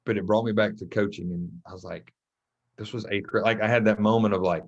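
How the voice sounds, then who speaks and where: A low-voiced man from Mississippi tells his coaching story in a relaxed podcast chat. He is animated and slips into the voices of the people he quotes. The audio is dull and lo-fi. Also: a little fast. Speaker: guest, track and football coach. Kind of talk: casual storytelling interview.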